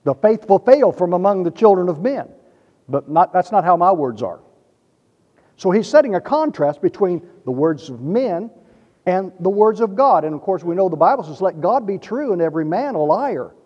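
A man preaching a sermon, reading scripture in a measured way and stressing key words. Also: high voice, very animated. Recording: dull lo-fi with long reverb.

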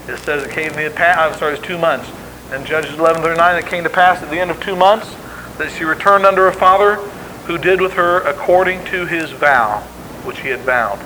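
A man's voice: on the high side, sharp tone, slight background noise, poor audio. A man preaching a sermon in an emphatic, conversational way, acting out the quotes he tells.

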